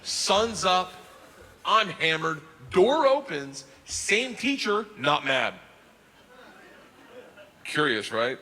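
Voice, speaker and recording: Male stand-up comic, high-ish voice with big loud bursts, live hall reverb. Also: extremely slow, pauses often. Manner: animated, loud bursts when quoting himself. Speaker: stand-up comedian. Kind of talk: stand-up storytelling. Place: comedy stage.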